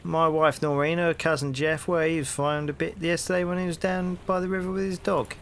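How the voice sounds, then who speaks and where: A man voicing a gruff, lazy male London street copper in a point-and-click game, talking in brash Cockney rhyming slang. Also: fairly high pitch, little pitch movement, brisk, a little hiss or hum, pitched above the performer's own voice, lightly acted. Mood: boastful.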